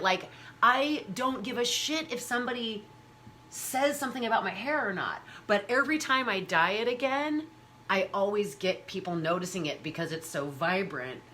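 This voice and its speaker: A woman hosting a casual chat, talking animatedly and acting out the people she quotes. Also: a little hiss or hum. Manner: animated, acts out quoted people in high voices. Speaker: host.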